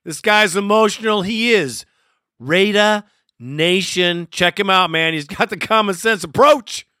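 High, bright-voiced male podcast host. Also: unhurried, no echo. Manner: friendly, hypes up callers. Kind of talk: podcast hosting.

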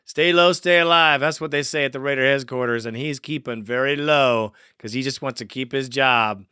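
A man's voice: mid-range voice, moderate pace, sharp tone, smooth, no room sound, clean studio sound. A man hosting a fan call-in sports show, hyped and profane, calling callers partner. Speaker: podcast host.

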